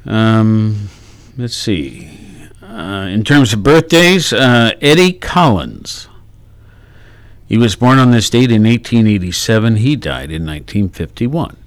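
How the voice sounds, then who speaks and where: Slow easygoing man hosting radio chat. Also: on the low side, sing-song, no room sound. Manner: unhurried, thinks aloud with ums and let's-sees. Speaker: radio show co-host. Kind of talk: casual radio chat, reading on-this-day items.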